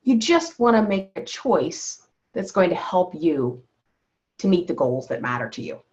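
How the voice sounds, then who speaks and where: A woman's voice: lowish voice, big pitch swings, a little slow, darkish tone. Woman health coach, lo-fi call audio. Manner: frequently checks in with "okay?"; encouraging, walks listeners through breathing exercises. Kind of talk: coaching talk on a group call. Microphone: call-in phone or computer mic. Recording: slightly dull, lo-fi call audio.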